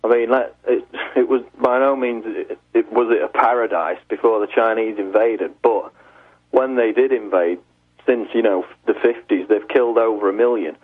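A man's voice: on the low side, steady tone, normal speed, breathy edge. A man who is a guest on a talk radio show, explaining earnestly and restarting his phrases. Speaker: guest, journalist. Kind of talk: talk radio interview by phone. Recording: tinny phone line.

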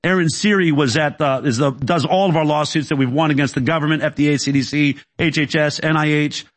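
A man speaks as a guest in a conversation, recounting events in a quick, emphatic storytelling manner. His voice sits somewhat high for a man. He slips into the dialogue he retells and often restarts his sentences. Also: steady tone. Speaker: interview guest.

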